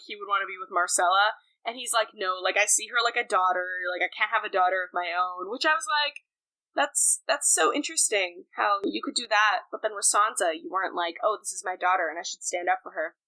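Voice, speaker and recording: A young woman co-hosting a casual book podcast, talking in an animated way, laughing often and acting out characters' lines. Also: medium pitch, fast talker, dry recording, low-quality recording. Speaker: podcast co-host. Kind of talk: casual book discussion chat.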